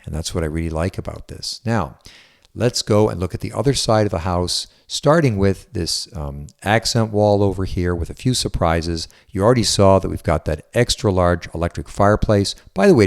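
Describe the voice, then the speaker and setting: A man's voice: low-pitched, a little mellow. A man giving an enthusiastic, chatty walkthrough tour of a house as a real estate agent. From Southwest Florida resident. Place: indoors in a house.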